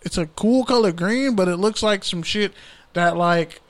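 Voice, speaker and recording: A man's voice: sits high, measured pace. Profane, joking male podcast host. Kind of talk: casual sports podcast banter.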